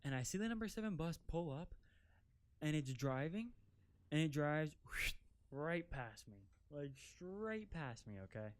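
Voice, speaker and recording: A man's voice: a little high, very animated, a little slow. Rambling young man telling a story. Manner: rambling, profane, filler-heavy with constant "like". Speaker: vlogger. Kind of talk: casual storytime. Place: outdoors while driving an off-road vehicle.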